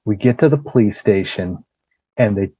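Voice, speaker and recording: A man with a fairly low voice tells a story in a relaxed, conversational way, acting out each person's lines as he goes. The recording is dry and a little dull, like lo-fi podcast audio. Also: normal speed, slightly rough, no echo. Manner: lively storyteller acting out quoted dialogue, swears freely. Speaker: podcast guest. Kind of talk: casual storytelling.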